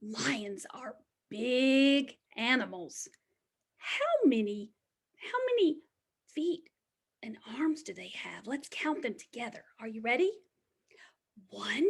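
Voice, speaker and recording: A woman's voice: a little high, breathy edge. A woman teaching preschoolers, reading a picture book aloud in a sing-song, exaggerated storytime voice with whispered asides. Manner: slow, exaggerated storytime delivery.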